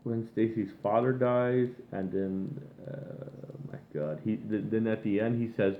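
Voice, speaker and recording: A man's voice: fairly low pitch, unhurried, hardly any pauses, phone-quality sound, slight background noise. Guy ranting and cursing, rambling on, echoey room, sounds like a phone mic. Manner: rambling, profane, exasperated. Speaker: vlogger. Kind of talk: casual rant.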